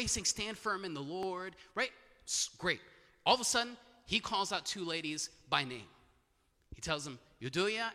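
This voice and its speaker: A man's voice: a little high, pushed and bright. Emphatic preacher man in a reverberant hall. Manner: emphatic, repeats phrases for stress. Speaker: preacher teaching scripture. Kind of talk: bible study sermon.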